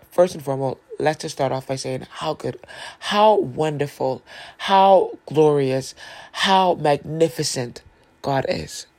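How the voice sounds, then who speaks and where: A woman's voice: low voice, darkish tone. A woman hosting a Christian devotional podcast, talking earnestly in a repetitive preaching cadence. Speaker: podcast host.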